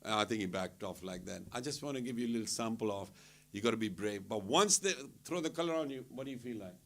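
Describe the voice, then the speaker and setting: His voice is fairly low and gravelly, and he talks fast. This temple speaker entertains a temple gathering with casual, funny travel anecdotes, laughing often and voicing what people said in an animated way.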